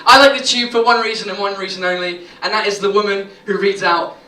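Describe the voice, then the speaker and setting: Crude comic in an echoey pub. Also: male voice, high-pitched, steady tone, quick pace. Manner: crude, chatty, laughing at own jokes. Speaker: stand-up comedian. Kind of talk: stand-up comedy set. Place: small comedy pub stage with audience. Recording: echoey room, distant mic, loud crowd.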